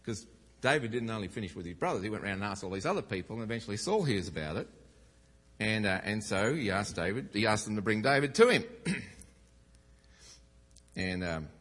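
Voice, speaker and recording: A middle-aged man preaching a sermon, retelling a Bible story and acting out the quoted lines with his voice rising. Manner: animated, acts out quoted lines with rising pitch. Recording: long reverb of a hall.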